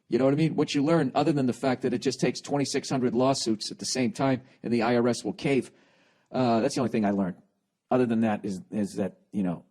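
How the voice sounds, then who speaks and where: Guy ranting on his comedy podcast, swearing a ton, rambling off on tangents, middle pitch. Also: a little mellow. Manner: profane, rambling, riffing. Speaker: podcast host. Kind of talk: comedic rant monologue.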